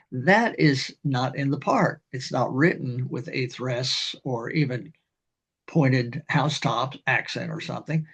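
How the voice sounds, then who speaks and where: An older man, a community band director, explaining conducting in a rambling, halting way and singing rhythms. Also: medium pitch, gravelly, breathy edge, highs cut off. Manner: rambling, halting, with many fillers and sung rhythms. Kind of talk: instructional talk on conducting.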